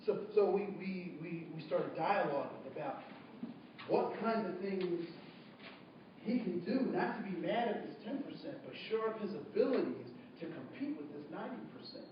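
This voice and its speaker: A man speaking to a live audience with a lively, swinging pitch, full of questions and back-and-forth dialogue. The mic sits far from him in a big room, so his voice comes through dull and washed in echo. A faint noise runs underneath. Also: moderate pace. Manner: animated, asks the audience questions, acts out dialogue. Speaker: diversity trainer. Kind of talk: storytelling talk to a live audience.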